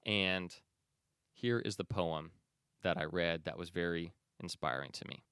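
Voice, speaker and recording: A man's voice: low-pitched, a little slow, fairly bright tone, smooth, dry recording. A man hosting a podcast, talking in a conversational, emphatic way and correcting himself as he goes. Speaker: podcast host. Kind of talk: casual commentary and reading aloud.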